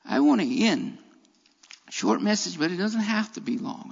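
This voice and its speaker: Here a very high-voiced man preaches expressively and a little slowly, his voice husky with vocal fry, repeating key phrases for emphasis. The lo-fi, dull recording carries a long reverb that suggests a church.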